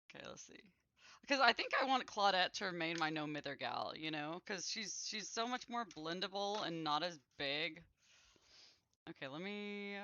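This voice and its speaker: Excitable high-voiced man streaming a game. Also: no room sound, lo-fi sound. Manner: excitable, often bursts into delighted yells. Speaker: live streamer. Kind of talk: casual gameplay commentary.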